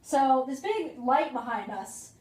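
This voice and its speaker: A woman's voice: sits high, very animated, slow, darkish tone. A young woman vlogger telling a rambling casual story into her phone, full of "like" and fillers. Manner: chatty, rambling, filler-heavy "like".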